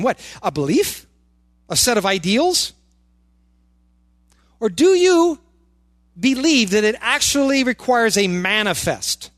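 A man's voice: sits high, fairly bright tone, dry recording, studio quality. A male pastor preaching a sermon in church, firing rhetorical questions and repeating words for emphasis.

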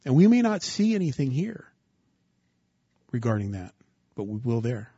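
Husky-voiced man preaching a sermon. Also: medium pitch, sing-song, normal speed, no echo, dull audio. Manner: preaching with rhetorical questions and sudden loud emphasis. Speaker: pastor.

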